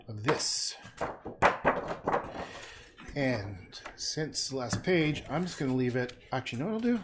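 A man's voice: mid-range voice, background noise. A man chatting casually on a livestream while he paints, often muttering and half-whispering asides to himself, from his home studio.

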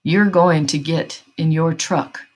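Storybook read-aloud: a woman doing a steady father holding his nerve, low and firm. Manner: firm, measured. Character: steady farmer father trying to stay calm.

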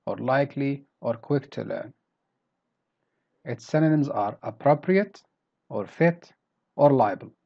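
A man teaching vocabulary in a recorded lesson. He talks deliberately and repeats each word with exaggerated stress. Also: mid-range voice, a little mellow, muffled recording.

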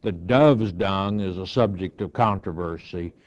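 An older man, a pastor, teaching verse by verse from the Bible, reading scripture aloud and then explaining it in an unhurried way with frequent fillers. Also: low-pitched. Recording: dull lo-fi recording.

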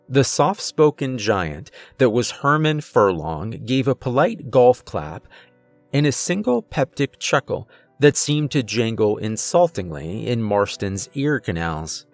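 Slow, deliberate male horror narrator. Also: medium pitch, lively intonation, faint music behind. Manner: measured, deliberate storytelling. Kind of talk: scripted horror story narration.

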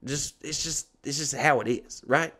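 A man hosting a podcast, telling a profane, animated story in casual comedic style. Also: mid-range voice, normal speed. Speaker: podcast host.

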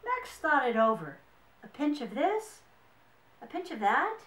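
A woman storyteller reading a children's picture book aloud in an expressive, unhurried way. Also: high-pitched. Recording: echoey room.

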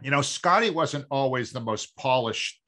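A middle-aged man from Massachusetts, co-hosting a sports podcast in a measured, explaining way. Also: expressive, pushed and bright. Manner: measured, explaining, lower when reflective. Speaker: producer and co-host. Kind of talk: casual sports talk.

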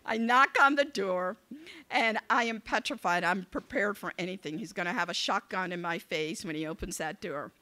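A woman giving a motivational speech to young people, telling a story in an animated, conversational way and acting out the dialogue. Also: mid-range voice, moderate pace. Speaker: keynote speaker. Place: event venue.

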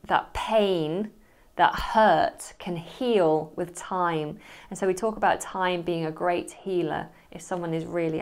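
A middle-aged woman patiently explaining everyday English phrases and acting out short example dialogues. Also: on the low side. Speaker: English teacher.

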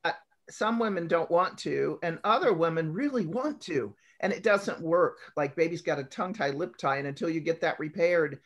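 A woman's voice: deep voice, animated, normal speed. A woman nurse on a talk show, explaining in an earnest, list-like way. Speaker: guest nurse. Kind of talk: conversational expert talk.

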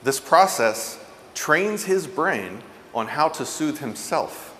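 A man giving a parenting talk, telling stories earnestly and going soft and low for tender points. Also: slow pace, long reverb tail, a little hiss or hum. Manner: earnest, animated storyteller, drops soft and low for tender moments. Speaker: parenting speaker. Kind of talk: motivational talk.

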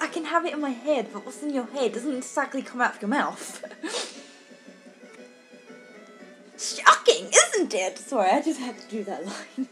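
A woman doing casual let's-play commentary, rambling and giggly, with lots of fillers and casual swearing. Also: sits high.

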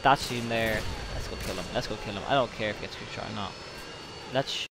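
Excitable young man gaming. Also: fairly low pitch, quick pace, creaky, noisy background. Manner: excitable, swears often, with sudden outbursts. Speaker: gaming channel host. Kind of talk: gameplay commentary.

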